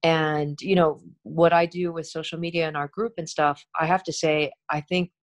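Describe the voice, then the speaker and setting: A middle-aged woman, a TV host, chatting in an interview in an animated way, laughing often and restarting her sentences. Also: low voice, normal speed. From Korean heritage. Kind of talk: casual interview chat.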